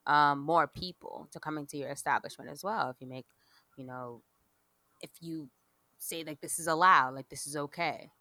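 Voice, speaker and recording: A woman's voice: low voice, normal speed, sharp tone, dry recording. A woman co-hosting a podcast, chatting in an upbeat, easygoing way. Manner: upbeat, chatty, laughs easily. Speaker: podcast co-host. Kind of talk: casual chat.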